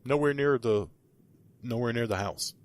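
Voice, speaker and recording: A man's voice: medium pitch, normal speed. A man, a paranormal investigator, telling a story in casual podcast talk, rambling with many restarts and fillers.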